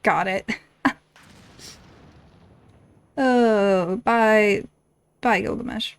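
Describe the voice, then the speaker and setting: A woman streaming a game, reacting in excitable, foul-mouthed casual commentary. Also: fairly high pitch, takes it slowly, long pauses, no room sound. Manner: excitable, swearing, laughing reactions.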